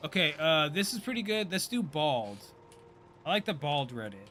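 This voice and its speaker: A man in his thirties streams and riffs casually, swearing and laughing between remarks. His voice sits a bit high and sounds bright and forward. Soft music plays faintly behind him. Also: big pitch swings, normal speed. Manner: loose, profane, laughs often, chatty asides. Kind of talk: casual live-stream commentary.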